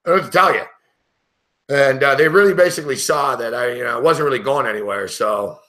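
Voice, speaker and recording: A man's voice: medium pitch, brisk, sharp tone. A middle-aged man hosting a sports betting show, telling stories in a brash, profane, casual way and laughing often. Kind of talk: casual storytelling chat.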